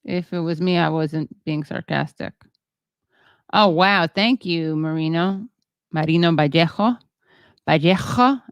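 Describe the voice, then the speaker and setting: A woman hosting a livestream, reading viewer comments in a rambling, halting way with many fillers and self-deprecating asides. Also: low voice, fairly even intonation, clear, resonant tone, dry recording, highs cut off. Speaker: show host.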